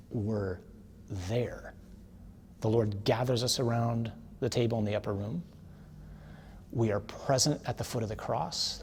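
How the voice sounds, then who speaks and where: A man giving a conversational teaching sermon, telling a story with casual tag questions and building to forceful emphasis. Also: medium pitch, gravelly, slight background noise.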